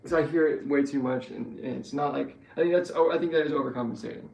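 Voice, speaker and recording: A man's voice: on the high side, fast, gravelly, darkish tone. A man giving a rambling, profane political monologue who keeps correcting himself. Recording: echoey room with faint ambience.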